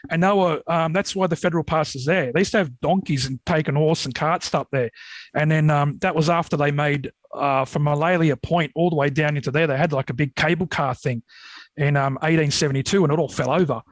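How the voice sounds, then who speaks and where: Australian man, casual rambling yarns, slightly high voice, dry studio mic. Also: brisk, no room sound, poor audio. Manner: rambling, animated when retelling scares. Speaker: podcast guest, Yowie researcher. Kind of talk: casual storytelling.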